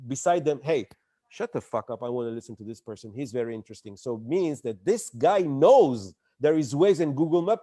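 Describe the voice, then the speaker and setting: A man running a presentation training session, animated and acting out the audience's reactions as he teaches. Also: on the high side. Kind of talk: live online training talk.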